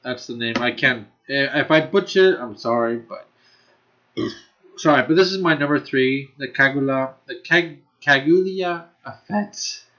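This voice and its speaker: A man's voice: mid-range voice, moderate pace, bright, forceful tone, highs cut off. A man ranking anime in a casual video, rambling and restarting his sentences, laughing often and cursing freely. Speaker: anime reviewer.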